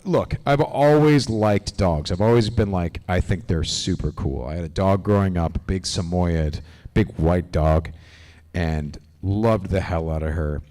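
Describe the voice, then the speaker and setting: A man as a convention panel guest, telling animated, rambling stories with lots of restarts. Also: deep voice, measured pace. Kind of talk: casual storytelling on a live panel. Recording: long hall reverb.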